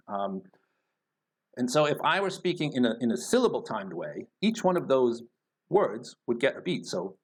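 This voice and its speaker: A man teaching an exam-prep lesson, speaking slowly and deliberately, thinking aloud with frequent fillers and restarts. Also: mid-range voice, expressive. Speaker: IELTS teacher. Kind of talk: explanatory lesson talk.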